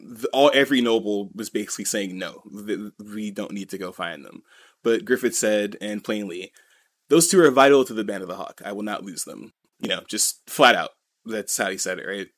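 A podcast co-host recaps a manga chapter in casual, rambling chat, peppering it with "you know" and "kinda." His voice sits on the low side with a fairly bright tone, and there's no room sound.

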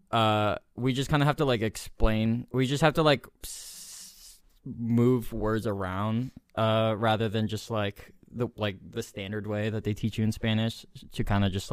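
A man's voice: fairly low pitch, darkish tone, clean tone, dry recording, studio quality. A young man in his twenties from Argentina, a podcast guest chatting casually, rambling and searching for words with lots of "like". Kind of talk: casual chat.

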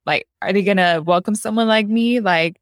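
A woman's voice: medium pitch, moderate pace, dry recording, studio quality. A woman hosting a podcast who talks in a casual, reflective way and calls her guest "girl.". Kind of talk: casual conversational chat.

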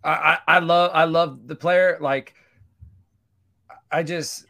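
Football podcast guy, fired up, repeats himself to hammer a point, slightly high voice. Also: fairly even intonation, takes it slowly, gravelly, sharp tone. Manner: emphatic, repeats words for stress. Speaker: podcast co-host. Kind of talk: casual sports chat.

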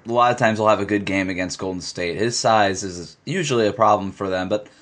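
A man's voice: lowish voice, brisk, fairly bright tone. A man co-hosting a sports podcast, arguing his point emphatically and repeating lines for stress. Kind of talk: casual sports talk.

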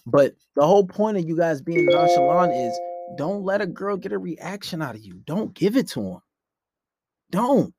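A man's voice: on the high side, sing-song, normal speed, over music. A young man hosting a podcast, ranting profanely and bluntly about dating in a rambling, casual way from his room at night. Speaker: podcast host. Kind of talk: casual dating-advice rant. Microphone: laptop.

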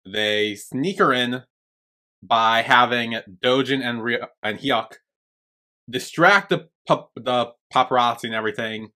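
A man co-hosting a podcast in a casual chat. His voice sits at an ordinary middle pitch. He talks in a loose, rambling way, full of fillers and restarts. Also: measured pace, bright, forceful tone. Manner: rambling, filler-heavy retelling. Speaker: podcast co-host.

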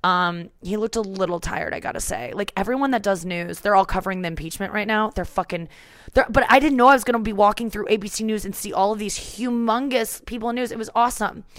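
Rambling woman podcast host, smooth voice. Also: mid-range voice, fast, a bit bright, dry recording. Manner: breathless, rambling. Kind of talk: casual comedy chat.

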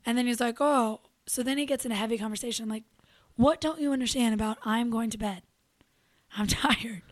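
A young adult woman co-hosting a show, telling a story in casual chat, animated and profane, acting out what people said. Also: a little high, a little fast, no echo. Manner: animated, profane, acts out quotes. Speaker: radio show co-host.

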